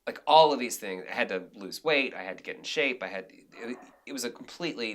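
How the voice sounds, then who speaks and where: A man being interviewed on a podcast, a director and actor telling animated stories in a casual, rambling way with many restarts. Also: mid-range voice, a little fast, a little hiss or hum.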